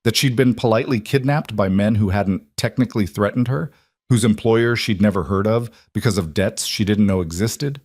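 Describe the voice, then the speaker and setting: A man narrating a scripted romance story in a steady, dramatic manner. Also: lowish voice, moderate pace, dry recording, clean studio sound.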